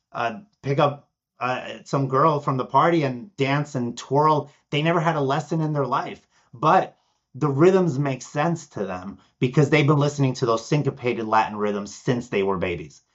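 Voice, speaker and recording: A man's voice: medium pitch, muffled recording. A man from Argentina, a podcast guest, telling stories with energy and acting out the people he quotes. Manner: animated storyteller, acts out quoted voices. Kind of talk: podcast interview.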